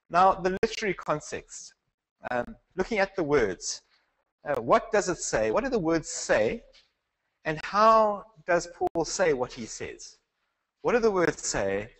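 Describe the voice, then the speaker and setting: A man's voice: on the high side, fairly bright tone, poor audio. A man teaching a Bible class in a conversational lecture style, asking the class questions and restarting his sentences. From South Africa.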